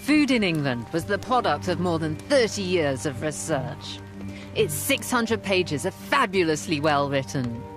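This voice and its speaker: A woman's voice: sits low, a little slow, music in the background. Enthusiastic woman presenting a documentary. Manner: enthusiastic, expressive. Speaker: historian and curator presenting the programme.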